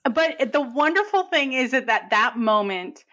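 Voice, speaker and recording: Woman, film podcast co-host, high-pitched, dull lo-fi sound, animated storytelling. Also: moderate pace. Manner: animated, acts out movie lines in character voices. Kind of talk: casual film review chat.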